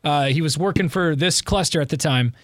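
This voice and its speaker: A man's voice: fairly high pitch, a little fast, no echo, studio quality. A man hosting a morning radio show, chatting and teasing his co-hosts.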